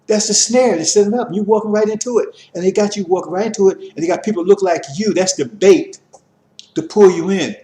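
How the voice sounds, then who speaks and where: A man giving an impassioned religious lecture, preachy and repetitive, rising to forceful emphasis. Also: sits high, brisk, echoey room. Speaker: religious teacher.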